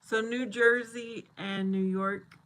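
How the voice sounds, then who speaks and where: A woman's voice: a little high, fairly even intonation, slow, fairly bright tone. A woman in her forties hosting a casual live chat, reading viewer comments, laughing often and thinking aloud as she talks. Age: 40s.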